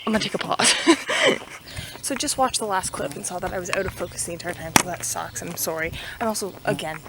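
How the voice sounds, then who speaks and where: Walking breathlessly up a hill path in a forest, a young vlogger recounts a dramatic tale in a chatty style packed with fillers. Her voice sits at medium pitch, picked up by a handheld camera over a noisy background.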